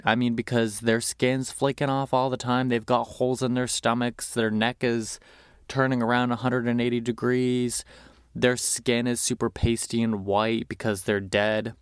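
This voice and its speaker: A man's voice: medium pitch, little pitch movement, normal speed, clear, resonant tone, no echo, clean studio sound. A man hosting a podcast, chatting casually and animatedly about movies, with lots of fillers, and acting out quotes. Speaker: podcast host.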